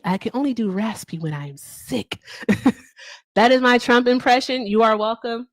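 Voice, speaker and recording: A woman's voice: a little high, moderate pace, no echo. A woman hosting a casual livestream, chatty and laughing often as she talks straight to her viewers. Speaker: livestream host.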